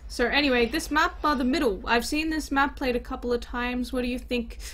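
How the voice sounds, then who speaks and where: A woman's voice: high-pitched, fairly even intonation, fairly quick, fairly bright tone. A woman hosting and casting a live strategy game tournament in a casual, chatty, teasing manner. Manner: chatty, laid-back, teasing. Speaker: esports caster.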